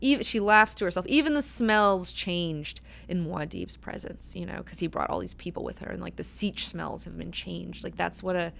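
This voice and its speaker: A woman's voice: on the low side, normal speed, creaky, few pauses, fairly bright tone. A woman hosting a book club discussion, talking casually with many fillers and frequent swearing. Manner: chatty, filler-heavy, swears freely.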